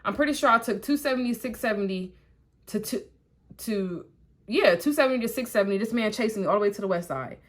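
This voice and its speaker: A young woman from Ohio telling a personal story while getting ready, in animated, slangy talk, acting out what people said. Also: mid-range voice, quick pace. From Columbus, Ohio. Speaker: vlogger.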